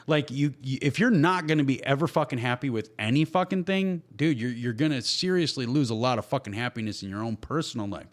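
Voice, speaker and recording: On his casual, profane podcast, this male host talks a little fast in a mid-range voice, hardly pausing at all. He's blunt and heated, with swearing throughout.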